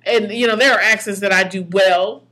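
Rambling woman in relaxed chat. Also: mid-range voice, moderate pace. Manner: relaxed, rambling, many ums. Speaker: podcast co-host. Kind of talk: casual chat.

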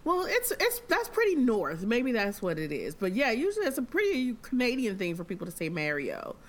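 A woman hosting a podcast, chatting in a lively way and laughing often. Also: a little high. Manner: chatty, animated, quick to laugh. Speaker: podcast host. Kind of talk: casual conversation.

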